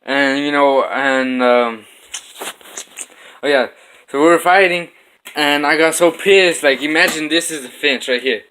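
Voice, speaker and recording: Young male vlogger, bright voice, animated storyteller, punches out his own sound effects. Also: a little high, a little slow, long pauses, clean tone. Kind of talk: casual storytelling vlog. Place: home kitchen.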